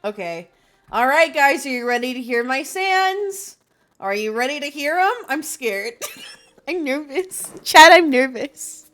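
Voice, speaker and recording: Jittery woman streamer with lively pitch. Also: measured pace, soft background music. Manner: nervous, swearing, self-deprecating, restarting sentences. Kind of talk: casual let's-play chatter.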